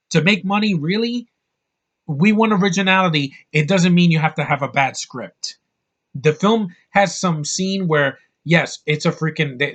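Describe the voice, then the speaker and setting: A man tears into a film in an angry, profane rant, with sarcastic jabs along the way. His voice sits a little higher than most men's. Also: fairly bright tone. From United States. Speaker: movie reviewer. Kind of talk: ranting film review.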